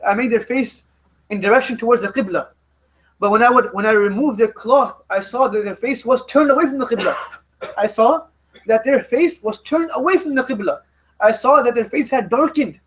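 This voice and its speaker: A man's voice: very high voice, fairly bright tone, rough recording. A man as a dying, solemn old caliph.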